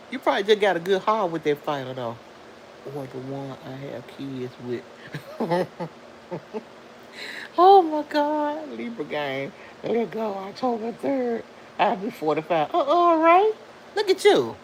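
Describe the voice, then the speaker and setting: A middle-aged woman hosting a casual livestream, chatting loosely and reading viewer comments aloud in a lively voice that swoops high for emphasis. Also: slight background noise, poor audio.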